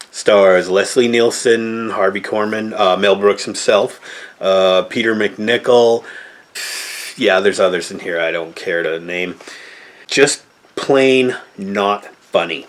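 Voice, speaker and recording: A man's voice: lowish voice, takes it slowly. A man giving a casual movie review, blunt and exasperated, swearing freely as he complains.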